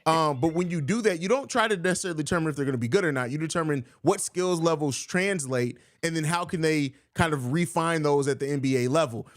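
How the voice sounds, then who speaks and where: Casting: relaxed man hosting a sports podcast, slightly high voice, says "bro" a lot. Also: quick pace, few pauses. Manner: laid-back, says "bro" constantly, laughs often. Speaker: podcast host. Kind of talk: casual sports podcast chat.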